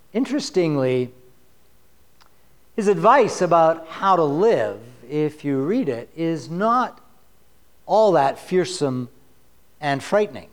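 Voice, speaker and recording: Slow, wry preacher with a high voice. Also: male voice. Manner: conversational and wry, reads scripture with rising force. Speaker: pastor. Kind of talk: sermon.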